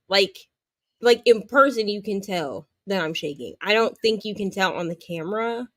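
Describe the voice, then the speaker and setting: A woman's voice: medium pitch, animated, a bit bright, dry recording, clean studio sound. A woman from northern Minnesota with a Minnesotan accent tinged Southern, chatting casually with lots of fillers and long O's. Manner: rambling, lots of "like", drawn-out O's. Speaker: livestream co-host. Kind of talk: casual chat.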